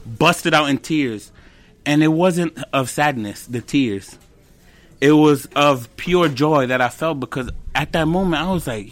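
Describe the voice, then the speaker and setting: A man in his twenties, a comedian guest on a casual podcast, telling animated stories with slang, swearing and bits of Spanish. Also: a little high, a little slow. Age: 20s.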